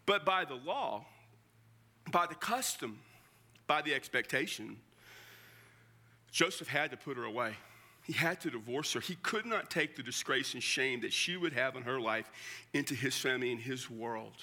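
Older pastor, bright, conversational. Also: male voice, medium pitch, expressive, normal speed, long pauses. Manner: conversational, emphatic, drops to a hush at emotional points. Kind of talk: sermon.

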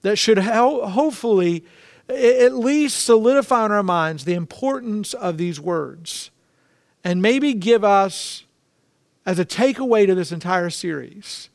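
A man's voice: high-pitched, animated, a little slow, gravelly, dry recording, studio quality. A man preaching a sermon, emphatic and repeating key phrases for weight. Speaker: pastor.

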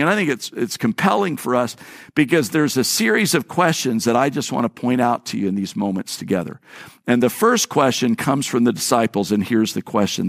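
A man's voice: mid-range voice, vocal fry, no echo. A male pastor delivers a sermon in a mid-range voice recorded close and dry. He tells stories and slips into the voices of the people he quotes. Now and then he repeats a word as he restarts a phrase. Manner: storytelling, acting out quoted voices.

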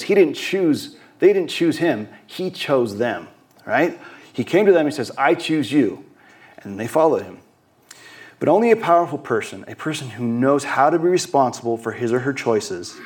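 A man's voice: medium pitch, a little mellow. A man giving a sermon as a guest preacher, earnest, often repeating and restarting words, now and then acting out short quoted voices. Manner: acts out quoted voices briefly.

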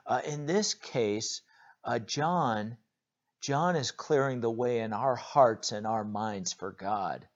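A man preaching a sermon as pastor, earnest and direct, often pausing on "uh" and restarting his words. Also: mid-range voice. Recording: dull lo-fi recording.

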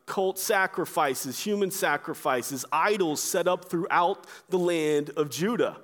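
A male preacher delivers his sermon in an unhurried, measured way. His voice sits high for a man, and he reads scripture aloud in between. He is earnest and presses his points by repeating them. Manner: earnest, emphatic, repeats phrases for stress.

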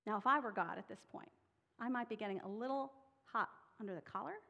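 A woman's voice: on the high side, a little fast, gravelly, pushed and bright, highs cut off. A woman preaching a sermon, reading scripture dramatically and voicing the people she quotes with rising intensity. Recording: long hall reverb.

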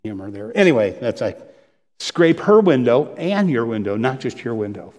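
A man's voice: medium pitch, big pitch swings, normal speed, a little mellow, in a large hall. A middle-aged man preaching a sermon, talking in a conversational way with asides and self-deprecating jokes. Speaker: pastor.

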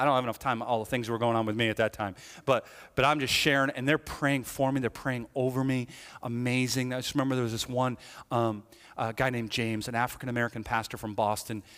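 Animated man preaching in a big hall. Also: mid-range voice. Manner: animated storytelling, acting out his younger self. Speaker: pastor. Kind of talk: sermon testimony. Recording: long hall reverb.

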